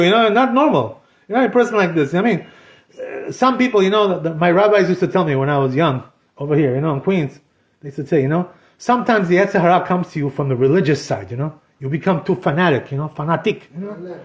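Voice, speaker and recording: Male rabbi, high voice, conversational Torah lesson, echoey hall sound, keeps saying "you know". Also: a bit bright. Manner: conversational, constantly says "you know", mixes in Hebrew terms. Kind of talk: informal Torah class. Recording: echoey room.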